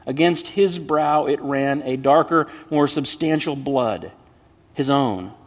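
A man reading a story aloud in a measured, expressive way, in a long hall reverb. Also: mid-range voice. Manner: measured, expressive, hushed at sad moments.

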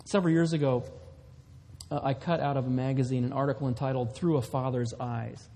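A man preaching a sermon as pastor, earnest, slowing down to stress key lines. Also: medium pitch, fairly even intonation, vocal fry, dark tone. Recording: long reverb of a large hall.

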